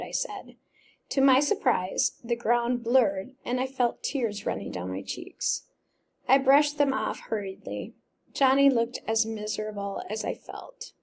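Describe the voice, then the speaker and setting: A woman teacher reads a novel aloud, stopping to break words apart patiently, one step at a time. Her voice sits a bit high, with a gravelly fry running through it. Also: measured pace.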